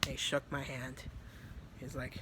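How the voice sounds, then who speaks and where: Rambling, soft-spoken man vlogging. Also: medium pitch, monotone, unhurried, background noise. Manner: rambling, filler-heavy, swears casually. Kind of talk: casual storytelling to camera.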